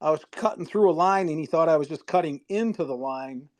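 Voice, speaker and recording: Halting man with a slightly high voice. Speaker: former teammate, guest. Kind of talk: casual reminiscing.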